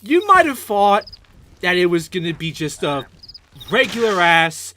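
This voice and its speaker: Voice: medium pitch, big pitch swings, a little slow, bright, forceful tone, a little hiss or hum. A gaming host giving let's play commentary, ranting in a profane, exasperated way.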